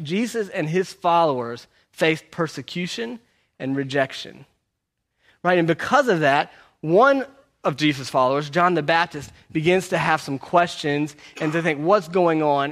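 A man's voice: on the high side, normal speed, a bit bright. A man preaching a sermon in a conversational way, repeating his key phrases. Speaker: pastor. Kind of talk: sermon teaching through a book.

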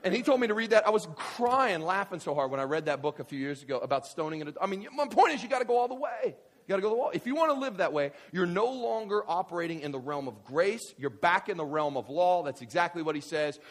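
A male pastor preaching a sermon to his congregation, conversational and animated, dropping to hushed asides and then rising to fired-up exclamations. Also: high voice, fast. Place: church hall with congregation.

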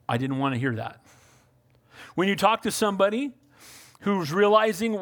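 A man's voice: high voice, expressive, normal speed, long pauses, a bit bright. A male pastor preaching a sermon, reading scripture aloud and calling out for amens from the congregation. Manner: emphatic, calls for amens, reads scripture aloud.

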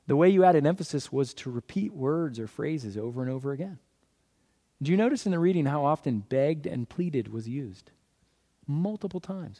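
Animated man preaching with a warm tone. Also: on the high side. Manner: animated, asks the audience questions and answers them. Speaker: guest pastor. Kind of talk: sermon.

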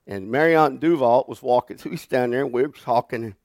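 A man, preaching as a pastor and telling a funny story in a folksy, animated way. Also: medium pitch, brisk, no echo, studio quality. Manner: folksy, animated storyteller who laughs through his stories. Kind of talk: sermon with storytelling. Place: church sanctuary.

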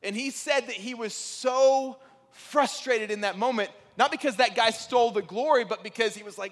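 A man preaching a sermon, telling stories in an animated way that rises to excited peaks. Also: very high voice, moderate pace, big-room sound. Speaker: pastor.

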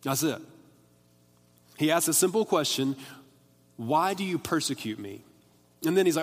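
A man's voice: fairly high pitch, lively intonation, normal speed, pauses often. Man preaching in a reverberant hall. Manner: conversational, repeats and restarts, acts out voices. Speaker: pastor. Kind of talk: sermon. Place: church worship hall.

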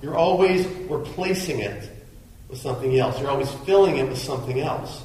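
A man's voice: medium pitch, normal speed, a little mellow. A man preaching a sermon as pastor of a church, talking conversationally and acting out the voices in people's heads. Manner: conversational, acts out inner voices. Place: church sanctuary. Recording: very echoey hall.

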